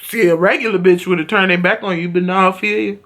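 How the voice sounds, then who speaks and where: A young woman recapping a TV episode casually, animated and profane, acting out characters' lines as she goes. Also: fairly low pitch, fast, a little hiss or hum. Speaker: TV show reviewer.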